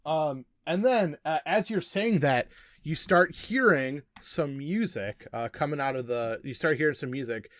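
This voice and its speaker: A man's voice: a little high, a little slow, no echo, studio quality. A man narrating as game master of a tabletop wrestling game, hesitant and full of fillers.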